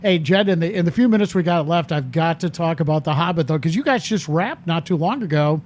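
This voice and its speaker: A man's voice: fairly high pitch, expressive, fast, a little mellow, a little hiss or hum. A man hosting an interview, asking questions with enthusiastic, gushing praise. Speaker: interviewer host.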